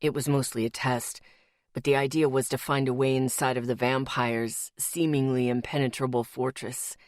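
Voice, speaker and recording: A woman narrating an audiobook, voicing a steady, matter-of-fact young male werewolf who speaks in a plain, measured way. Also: rumbling low, no echo, studio quality, pitched below the performer's own voice.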